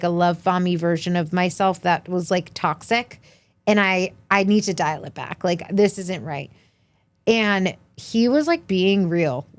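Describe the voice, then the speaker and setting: A woman's voice: medium pitch, no echo. A young woman co-hosting a podcast, recapping reality TV in casual chat and acting out quotes in many voices. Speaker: podcast co-host.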